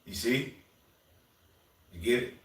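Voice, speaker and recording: A man's voice: mid-range voice, expressive, takes it slowly, roomy sound. A man hosting a livestream, rambling on in a casual, profane rant with many asides, stumbles and restarts. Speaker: livestream host.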